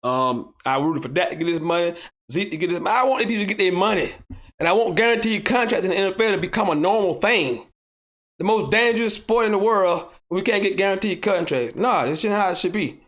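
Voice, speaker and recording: This is a solo sports podcast hosted by a Southern American man whose voice sits high and moves a bit quickly. He keeps circling back to the same points for emphasis and gets loud enough to nearly shout. Viewer comments are read aloud so he can argue with them.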